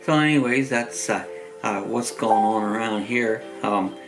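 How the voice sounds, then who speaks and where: A man's voice: on the low side, unhurried, music in the background, poor audio. A middle-aged man from Ohio with a Southern Ohio accent, hosting a rambling, easygoing casual chat while congested from a chest cold. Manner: rambling, easygoing, chuckles often. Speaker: host.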